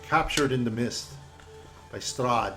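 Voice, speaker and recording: A man runs a tabletop game and tells the scene in a loose, rambling flow, full of fillers. His voice sits at an ordinary middle pitch, with soft music faint behind him. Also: slow, rough recording. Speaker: game master.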